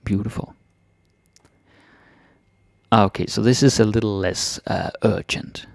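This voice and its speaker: A man with a low, gravelly voice gives a casual language lesson. He is relaxed and chatty, saying each phrase slowly, then explaining it. The sound is dry and close. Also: no room sound. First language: Danish. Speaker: language teacher.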